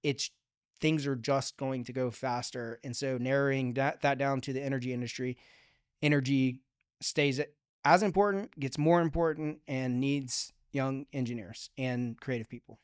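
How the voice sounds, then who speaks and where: A man with a smooth, resonant voice speaks as a guest on a casual podcast. He thinks aloud in long, upbeat runs, full of fillers and restarts, and the sound is close and dry. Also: medium pitch, moderate pace, no echo. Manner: upbeat and forward-looking. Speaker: podcast guest, digital strategy manager.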